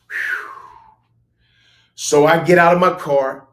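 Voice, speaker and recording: A man hosting a talk show, telling a personal testimony in an animated storytelling way, switching between loud exclamations and hushed asides. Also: a little high, normal speed. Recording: roomy echo.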